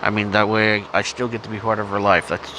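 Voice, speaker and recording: A man's voice: fairly low pitch, flat delivery, fairly quick, background noise. A man with a cough talking in a rambling, blunt, profane casual monologue, often stopping to cough. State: has a cough. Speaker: vlogger.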